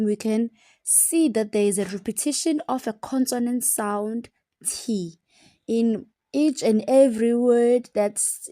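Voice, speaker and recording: A woman teacher explaining a lesson and reading examples aloud slowly and deliberately. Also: mid-range voice, warm tone, no room sound.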